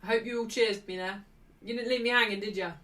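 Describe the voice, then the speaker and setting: A woman hosting a live football watchalong, chatting cheekily and shouting out at refereeing calls. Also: on the high side, fairly even intonation, fast talker, recorded from a distance. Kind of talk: live match watchalong commentary.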